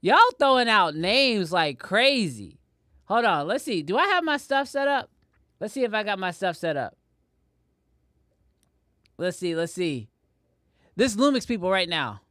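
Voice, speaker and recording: A man hosting a casual livestream from his home editing room, talking straight to his chat, animated and repeating himself. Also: high voice, measured pace, pauses often, no echo, studio quality. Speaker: livestream host.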